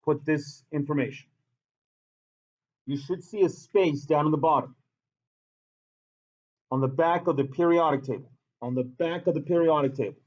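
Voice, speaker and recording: A man's voice: a little high, darkish tone, dull audio. A man teaching a science class who repeats key points and quizzes his students. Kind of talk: classroom lecture.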